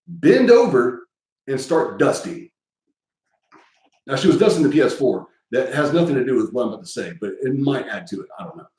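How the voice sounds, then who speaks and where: A man's voice: mid-range voice, darkish tone, roomy sound, rough recording. A man hosting a podcast, telling a crude, joking story in a casual, rambling way. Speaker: podcast host.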